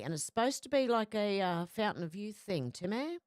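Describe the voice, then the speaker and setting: A woman with a stuffy cold and a runny nose hosts a casual livestream, reading out viewer comments in a chatty, apologetic way. Her voice sits at a middle pitch for a woman. The sound is dry and close, with little room around it. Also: expressive, moderate pace, few pauses, darkish tone, no room sound.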